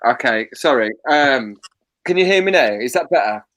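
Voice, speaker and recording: A man's voice: mid-range voice, lively intonation, moderate pace, fairly bright tone, no room sound, low-quality recording. A man chatting on a group video call, restarting his sentences and laughing often. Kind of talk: casual chat.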